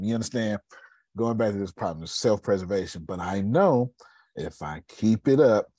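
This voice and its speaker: A man with a low, husky voice hosts a podcast. He talks emphatically, repeats key phrases and calls listeners by name. The sound is close and dry. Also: no echo. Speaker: podcast host. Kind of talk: casual live coaching talk.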